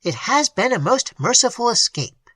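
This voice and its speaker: Narrator as earnest clergyman, pulpit cadence, bright and lively. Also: mid-range voice, normal speed, breathy edge, dry recording, voice pushed up. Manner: preachy pulpit delivery. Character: emotional middle-aged male clergyman.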